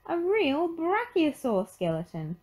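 A woman voicing a smart, confident young woman sleuth with a bright, knowing, high voice. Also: huge pitch swings, slow, exaggerated voice. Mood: excited.

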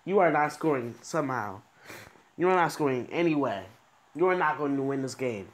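A young man giving frustrated gameplay commentary, swinging between low muttering and exasperated, swearing outbursts. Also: animated, moderate pace. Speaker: gaming commentator.

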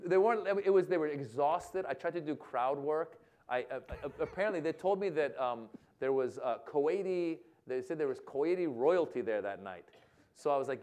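A man, a comedian, telling a lively anecdote at a talk event and acting out the other people in it. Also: a little high, normal speed. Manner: animated storytelling, acting out other people's lines. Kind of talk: stand-up style anecdote. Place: lecture hall event.

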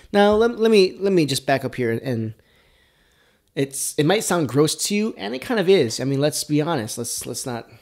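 A man hosting a food podcast, talking in a rambling, playful way with lots of fillers and a put-on country drawl. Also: fairly high pitch. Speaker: podcast host. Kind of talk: casual food podcast monologue.

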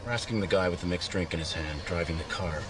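An actor playing a stern armed police officer who barks and mocks. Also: male voice, low-pitched, fast, background noise, lightly acted. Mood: commanding. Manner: barking, mocking orders. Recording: distant film audio outdoors, loud ambience.

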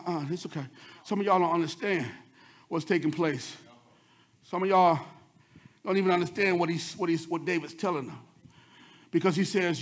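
A male pastor a sermon, swinging between loud chanted shouts and quick low murmurs.

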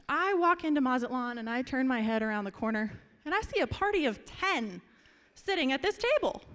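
A woman's voice: high voice, clean tone. Young woman telling family stories in a hall. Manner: lively storyteller, laughs often, turns earnest. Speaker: family member giving a eulogy. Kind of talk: memorial speech with funny anecdotes. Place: memorial gathering hall. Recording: reverberant hall.

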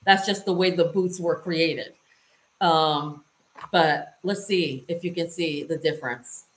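A woman's voice: sits low, slow pace. A woman vlogger casually demonstrating a hands-on task and chatting to her viewers as she works. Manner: chatty, talks to viewers while working. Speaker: lifestyle vlogger. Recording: roomy echo.

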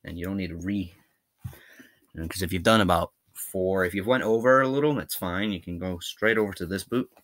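A Scottish man with a low, bright voice talks through a hands-on tutorial. He is chatty and informal and thinks aloud as he works. The voice keeps a forward, forceful edge. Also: fairly quick. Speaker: how-to video host.

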